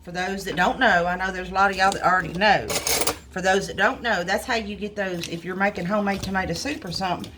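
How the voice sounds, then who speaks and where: A woman's voice: medium pitch, steady tone, fast talker, noisy background. Chatty woman cooking. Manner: homey, chatty, addresses viewers as y'all. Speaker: small restaurant cook. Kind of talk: casual cooking video. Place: restaurant kitchen. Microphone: phone camera.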